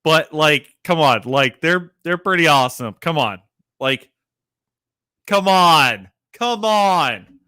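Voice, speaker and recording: A man hosting a casual livestream chat, rambling and animated, swearing freely and laughing at himself. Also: fairly high pitch, takes it slowly, clean tone, dry recording, clean studio sound. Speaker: livestream host.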